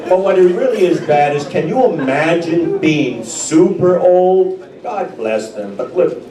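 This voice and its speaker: A man's voice: on the high side, expressive, a little slow. An older man performing a crude stand-up routine in a drawling, chuckling way. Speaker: stand-up comic. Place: small club with a live crowd. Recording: echoey room, mic far off, loud crowd.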